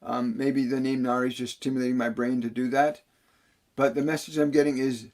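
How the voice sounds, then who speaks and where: A man's voice: medium pitch, fairly even intonation, brisk. Earnest male medium repeating phrases. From Canada. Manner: earnest, repeats key phrases, laughs softly between answers. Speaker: spiritual medium. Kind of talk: live channeling session reading viewer questions.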